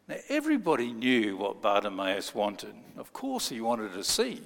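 A man's voice: medium pitch, wildly swooping pitch, normal speed, creaky, few pauses. A man preaching a sermon, telling a story and acting out the people in it. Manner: storytelling, acts out quoted voices. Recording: long hall reverb.

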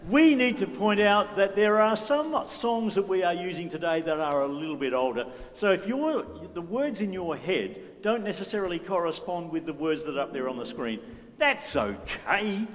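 A man's voice: high voice, expressive, moderate pace, few pauses. A man leading a church service in a playful, joking way, coaxing the congregation to join in. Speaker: worship leader. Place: church hall. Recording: reverberant church hall with faint music.

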